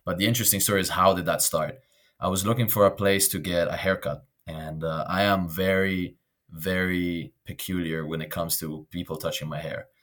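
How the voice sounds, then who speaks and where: A man's voice: deep voice, moderate pace. A young Italian man, whose first language is Italian, telling stories about his life in a casual interview. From northern Italy. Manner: storytelling, animated when quoting others. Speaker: guest.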